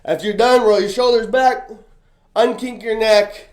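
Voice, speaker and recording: A man with a high-pitched voice hosts a hyped-up motivational livestream. He talks with bursting energy, repeats chants over and over, and coaches his viewers through arm swings and stretches. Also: moderate pace. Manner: energetic, hype, repetitive chants, leads viewers in movement.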